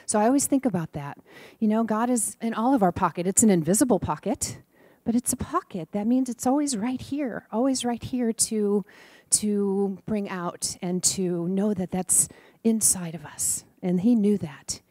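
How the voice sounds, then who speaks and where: Woman preacher, warm storytelling sermon, affectionate, dry close sound. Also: medium pitch, normal speed, dry recording. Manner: gentle, affectionate, lively when quoting children. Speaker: speaker in a preaching class. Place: church or center hall.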